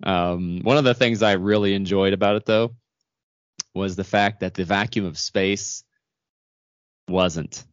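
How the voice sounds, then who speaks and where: A man co-hosting a podcast in easy, casual chat, circling his points with fillers and restarts. His voice is very low and sits dry and close in a dull, lo-fi recording. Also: unhurried, long pauses, dry recording. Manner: rambling, many fillers and restarts. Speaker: podcast co-host.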